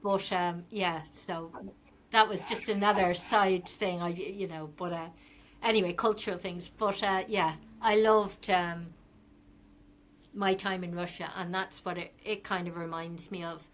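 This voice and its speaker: A woman's voice: on the low side, fairly even intonation, unhurried, a little hiss or hum. A middle-aged Irish woman, a fashion designer, chatting as a podcast guest and telling rambling stories with many ums. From Ireland. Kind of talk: casual interview chat.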